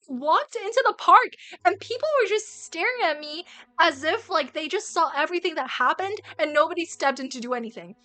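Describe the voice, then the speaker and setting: A young woman streamer telling a story time in a casual, animated way, swearing often and restarting sentences. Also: high-pitched.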